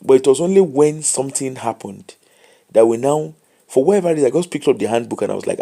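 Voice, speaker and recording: A man's voice: mid-range voice, animated, quick pace, dark tone. Tired Nigerian man giving advice. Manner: mixes Nigerian Pidgin into English, preachy advice. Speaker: live show host. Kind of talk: casual live commentary.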